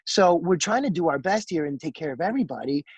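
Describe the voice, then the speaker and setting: A man, a restaurant chef telling an animated, profane story as a guest in casual talk. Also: a little high, fast talker, slightly rough, no echo, low-quality recording. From New Jersey. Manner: animated, profane, acts out quotes.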